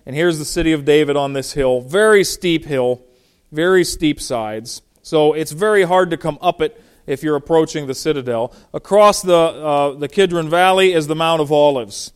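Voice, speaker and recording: Smooth-voiced man teaching a Bible passage. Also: a little high, normal speed. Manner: conversational, animated, with frequent fillers and restarts. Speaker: pastor.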